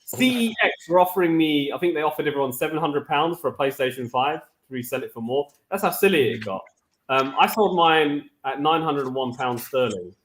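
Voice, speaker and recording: A man who tells his stories with lively energy and slips into impressions of other people. His voice sits a little high for a man, and it rings with noticeable room echo. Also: brisk, a little hiss or hum. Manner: animated storyteller, mimics others' voices. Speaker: panelist. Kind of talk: casual panel chat.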